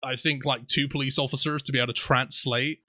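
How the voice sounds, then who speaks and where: Bright-voiced Somerset man in his twenties. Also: mid-range voice, fast talker, dry recording, studio quality. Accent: Somerset West Country. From Somerset, England. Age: 20s. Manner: animated storyteller, swears freely, laughs often. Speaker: podcast co-host. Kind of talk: casual chat.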